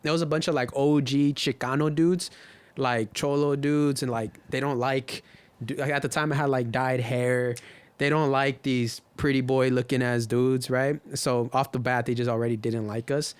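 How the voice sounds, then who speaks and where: A man's voice: mid-range voice, steady tone, normal speed, clear, resonant tone, no echo. A man from the Inland Empire in California, a podcast guest telling stories loosely in casual chat, full of slang and swearing.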